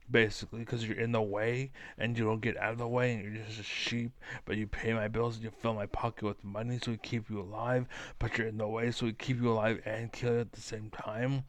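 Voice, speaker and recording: A man's voice: fairly low pitch, flat delivery, brisk, few pauses, dry recording. A man giving a rambling, profane, combative monologue to camera as a vlogger.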